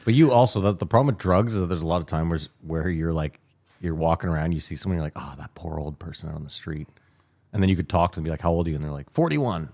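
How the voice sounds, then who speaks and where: A man with a very deep voice chats on a podcast. He tells stories with energy and slips into impressions of the people in them. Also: rapid-fire. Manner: animated storyteller, mimics others. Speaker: podcast co-host. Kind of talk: casual chat.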